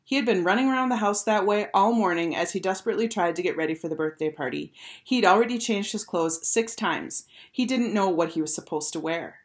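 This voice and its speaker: A woman teacher reading a children's chapter book aloud with clear, expressive storytelling. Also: mid-range voice, brisk.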